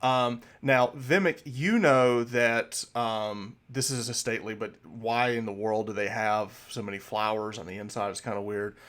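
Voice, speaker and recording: A man's voice: on the low side, fairly even intonation, moderate pace, hardly any pauses, a bit bright. A man narrating a tabletop game as game master, rambling through many fillers and restarts.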